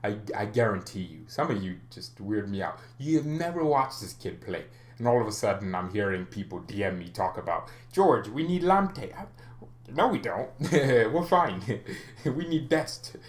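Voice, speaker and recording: A man with a slightly low voice hosts a fan stream and rants casually about football transfers. He jokes, laughs often, and fires back at viewer comments. The sound is roomy and echoey. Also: expressive, moderate pace. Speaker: football fan channel host.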